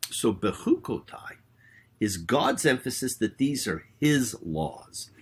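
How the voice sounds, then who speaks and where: A man, a rabbi hosting his own show, giving a spoken sermon with emphatic, drawn-out words. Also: medium pitch, big pitch swings, breathy edge. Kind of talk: spoken sermon with prayer and sung hymn.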